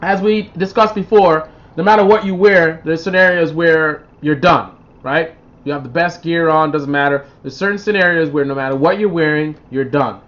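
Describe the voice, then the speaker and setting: A man with a fairly high voice hosts a casual live stream, reading viewer comments and rambling through stories. His talk is loose and animated. The audio is dull and lo-fi. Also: moderate pace. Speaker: livestream host.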